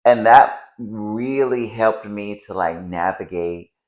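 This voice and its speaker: A man's voice: fairly low pitch, slow. Emphatic man in a roomy echo. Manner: emphatic, acts out his own inner voice, swears freely. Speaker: podcast co-host. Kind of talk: casual chat.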